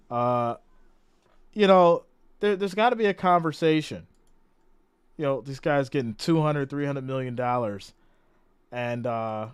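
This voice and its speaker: A man's voice: medium pitch, clear, resonant tone, dry recording. A man giving casual play-by-play on a live stream, reading and greeting viewer comments as he goes. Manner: chatty, reads out viewer comments and greets them.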